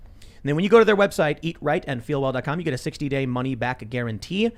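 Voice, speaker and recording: A man's voice: medium pitch, expressive, quick pace. A man hosting a casual political talk show from a studio, rambling with lots of restarts and repeated words. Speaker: show host. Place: podcast studio.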